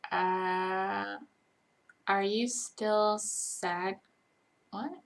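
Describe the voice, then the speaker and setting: A young woman casually answers chat questions on a live stream, sounding hesitant with frequent ums and pauses. Her gravelly voice is medium-pitched and level in tone.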